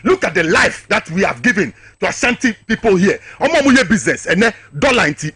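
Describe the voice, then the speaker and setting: Ghanaian man, heated talk-show guest; rapid, sharp, slightly raspy delivery full of rhetorical questions. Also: high-pitched, big pitch swings, no echo, clean studio sound. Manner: impassioned, hammering rhetorical questions. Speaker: political guest.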